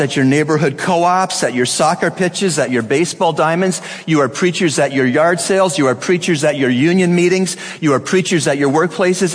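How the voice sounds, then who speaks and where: A man, a pastor, preaching a sermon emphatically with rhythmic repetition, his voice swinging between intense high passages and quiet low ones. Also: big-room sound.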